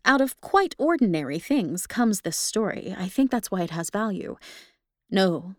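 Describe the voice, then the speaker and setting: A woman podcast host reading a ghost story aloud, expressive, with casual asides to listeners. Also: medium pitch, normal speed, no echo, studio quality. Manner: expressive, laughs at the text between passages.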